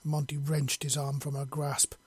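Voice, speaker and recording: A man narrating a fantasy story in a steady, measured read. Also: fairly high pitch, slightly rough, dry recording.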